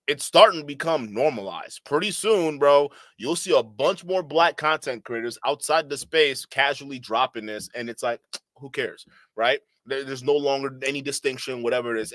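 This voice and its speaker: A man's voice: fairly high pitch, sharp tone, no echo. A man hosting a reaction stream, talking casually and with exasperation, often stammering and restarting. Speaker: commentary channel host. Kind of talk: reaction commentary.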